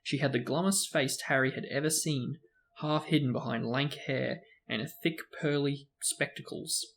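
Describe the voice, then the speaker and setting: A man's voice: mid-range voice, fairly even intonation, moderate pace, vocal fry, a bit bright. Man reading a storybook aloud. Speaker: book reader.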